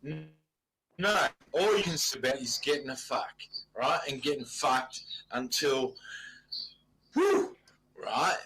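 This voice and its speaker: Man, slow and rambling, crude boasting, bright tone, faint noise behind. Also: mid-range voice, very animated, poor audio. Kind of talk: casual group chat.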